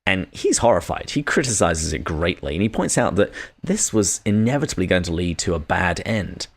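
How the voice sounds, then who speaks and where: A British man with a very low, deep voice talks through a book on a podcast. He is measured and reads short passages aloud as he goes. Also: sing-song, breathy edge. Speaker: podcast co-host. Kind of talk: casual book discussion.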